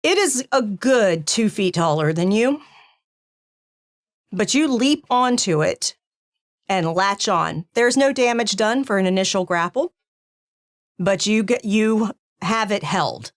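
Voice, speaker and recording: A woman running a tabletop game as game master, narrating the action in a lively way and laughing often. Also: mid-range voice, takes it slowly, no echo, studio quality.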